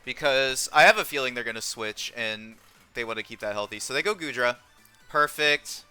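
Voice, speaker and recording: Bright, crisp-voiced young man calling a game. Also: medium pitch, normal speed, faint music behind. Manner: thinks aloud with frequent ums. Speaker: competitive game player. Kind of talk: live gameplay commentary.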